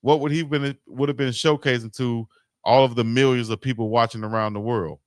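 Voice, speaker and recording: A man hosting a live stream, chatting casually about sports with lively, playful arguing. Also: medium pitch, a little fast, no room sound, clean studio sound.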